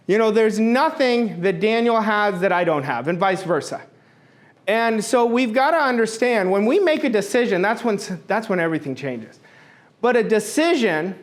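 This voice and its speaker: Emphatic high-voiced male motivational speaker. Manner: emphatic, repetitive, blunt with mild swearing. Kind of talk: motivational talk to an audience.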